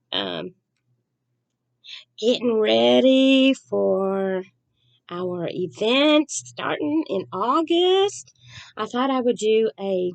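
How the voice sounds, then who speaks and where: A woman talking in a rambling, chatty and soft-spoken way as a crafting vlogger. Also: mid-range voice, dry recording. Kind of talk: casual chat.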